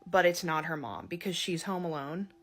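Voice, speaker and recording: A woman's voice: on the low side, normal speed. A woman chatting casually to camera, nervous and chatty as she gives a warning.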